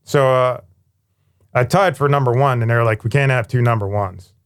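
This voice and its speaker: A man in his forties talks through his past with blunt, lively candor and drops the odd swear word. His voice sits at an ordinary middle pitch. It has the loose feel of a relaxed conversation. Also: normal speed. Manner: candid, animated storytelling with casual swearing. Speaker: interview guest, former firefighter paramedic. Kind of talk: casual storytelling conversation.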